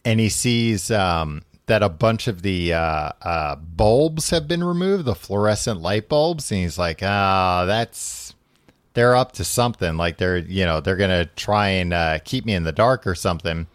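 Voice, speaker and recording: A man's voice: low-pitched, expressive, a little slow, clean tone, no room sound, studio quality. A man casually recapping a book on a podcast, rambling with lots of fillers and laughing often. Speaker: podcast host.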